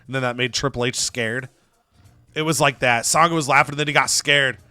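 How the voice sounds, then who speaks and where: A young adult man hosting and narrating a wrestling game playthrough as an animated storyteller. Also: mid-range voice, fairly quick, over music. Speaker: gaming host.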